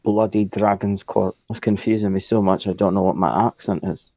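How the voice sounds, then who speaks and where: Low-voiced man musing at the game table. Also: fairly even intonation, moderate pace, dark tone, no room sound. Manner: casual, musing, swears lightly. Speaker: player.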